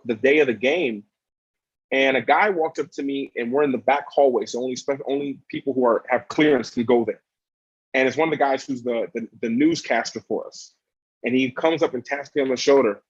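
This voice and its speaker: A man's voice: medium pitch, breathy edge, no echo. A man in his thirties telling a personal story as a motivational video, earnest and emphatic, repeating key phrases. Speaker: motivational YouTuber. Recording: dry, slightly dull sound.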